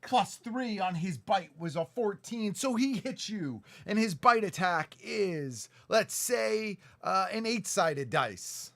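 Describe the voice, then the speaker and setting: Dad as dungeon master, animated and playful, dramatic storyteller. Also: male voice, sits high, slow pace, hardly any pauses. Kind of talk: narrating a tabletop game for his child.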